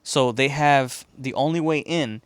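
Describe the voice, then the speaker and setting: A man's voice: medium pitch, unhurried, clear, resonant tone, dry recording. A man from Chicago hosting a podcast, telling a story casually and profanely, rambling and laughing as he goes. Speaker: podcast host.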